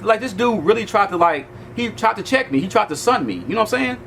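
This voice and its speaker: A man vlogging, retelling a heated run-in in a casual, animated way, later chatting outdoors at an event venue. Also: high voice, fast, vocal fry, hardly any pauses, a little hiss or hum, low-quality recording. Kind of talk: casual storytelling to camera.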